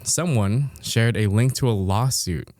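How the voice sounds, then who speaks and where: A man's voice: medium pitch, unhurried, a little mellow, no echo. A young man co-hosting a podcast, reading a listener's story aloud with dry, amused remarks and frequent laughter. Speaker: podcast co-host.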